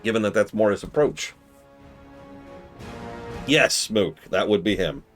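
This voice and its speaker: While playing a strategy game on stream, a man chats casually and animatedly, breaking into mock-exasperated outbursts and muttering quietly to himself. His voice sits on the low side and runs a little slow, with faint music in the background.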